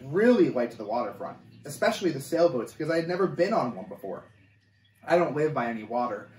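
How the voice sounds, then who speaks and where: Brief: expressive male storyteller, slightly high voice, distant mic in an echoey room. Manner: animated, expressive reading. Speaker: camp coordinator reading a story. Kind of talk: storybook read-aloud.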